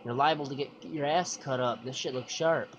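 A man's voice: mid-range voice, normal speed. A man giving loose, rambling gameplay commentary, cursing casually and thinking aloud. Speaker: gaming YouTuber. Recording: dull lo-fi sound with clear noise.

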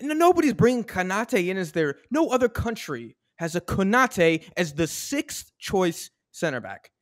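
A man's voice: sits high, big pitch swings, moderate pace, no echo, studio quality. A man with an American accent co-hosting a casual football podcast, ranting animatedly in slang. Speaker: podcast co-host. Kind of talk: casual sports chat.

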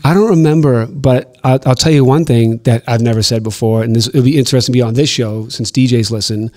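A middle-aged man from Boston, telling stories as a podcast guest in an animated, profane way on a studio mic. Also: mid-range voice, fast. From Boston, USA. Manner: animated, profane storyteller acting out quotes. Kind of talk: casual storytelling interview.

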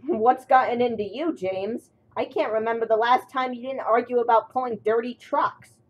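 A woman's voice: on the high side, normal speed, breathy edge, lo-fi sound, pitched above the performer's own voice. Woman playing a puzzled train driver. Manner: questioning, surprised.

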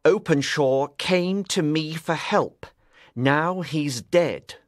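A man playing a sharp, determined detective in an audiobook, speaking clearly and deliberately. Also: a little high, dry recording, clean studio sound. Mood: grim. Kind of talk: audiobook reading.

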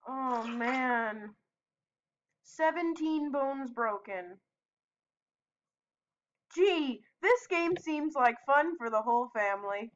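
A woman giving casual gameplay commentary with friends, excitable, with yelping protests and quick asides. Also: sits high, dull audio. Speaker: gaming video host.

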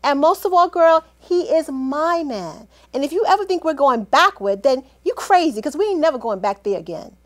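High, lively woman acting a one-woman skit. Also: quick pace, hardly any pauses. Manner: animated, sassy, dramatic. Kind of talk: one-woman comedic drama skit, phone and one-sided conversations.

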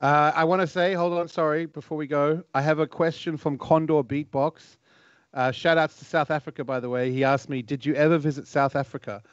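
A man who grew up in New Zealand, co-hosting a beatbox reaction livestream in a relaxed, chatty way. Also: a little high, brisk, clear, resonant tone, no echo, lo-fi sound. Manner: relaxed, chatty, laughs often. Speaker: co-host of a beatbox reaction stream. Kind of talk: casual livestream chat.

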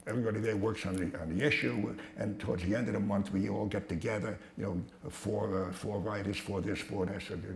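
An older man with a low, gravelly voice tells brash, profane stories in front of a crowd. He stumbles and restarts often. The sound is echoey and carries a faint hiss. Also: fairly even intonation, fairly quick, hardly any pauses. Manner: profane, blunt, with many restarts and stammers. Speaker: speaker at a talk. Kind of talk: anecdotal storytelling talk. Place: hall with a live audience. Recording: echoey hall with some noise.

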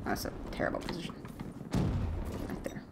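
A young man casually commentating his own gameplay at home, jokey and trash-talking with sudden loud outbursts. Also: normal speed, heavy background noise. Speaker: gaming YouTuber. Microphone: desktop USB mic.

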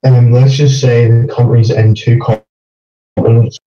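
A man's voice: mid-range voice, flat delivery, slow, dark tone, far from the mic. Man on a muffled, echoey video call. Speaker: stranger on a video chat. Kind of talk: casual video chat.

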